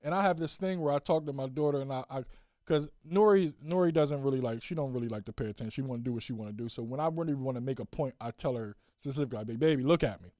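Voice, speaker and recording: A man hosting a solo podcast, telling stories in a casual, animated way and acting out the dialogue. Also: fast talker, no room sound, clean studio sound. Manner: animated storytelling, acts out dialogue with swings in pitch. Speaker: podcast host.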